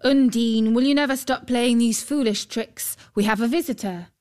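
A woman's voice: mid-range voice, steady tone, unhurried, a little mellow, smooth, close to an everyday voice. A woman voicing a troubled old fisherman, earnest and scolding in a storybook tale. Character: troubled old male fisherman, stern but gentle.

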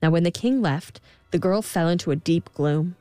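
A woman telling a fairy tale in scripted narration, expressive, giving the girl a higher voice. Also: moderate pace, clear, resonant tone. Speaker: storyteller.

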